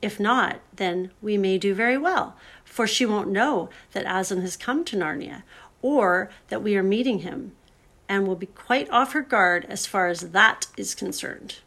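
A woman's voice: mid-range voice, unhurried, gravelly, fairly bright tone. A woman doing Missus Beaver, motherly beaver. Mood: urgent. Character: motherly, practical female beaver.

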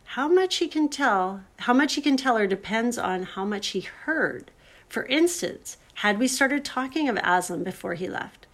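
A woman's voice: fairly high pitch, lively intonation, measured pace, fairly bright tone, pitched above the performer's own voice, exaggerated voice. A woman doing Missus Beaver, motherly beaver. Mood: urgent. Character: motherly, practical female beaver.

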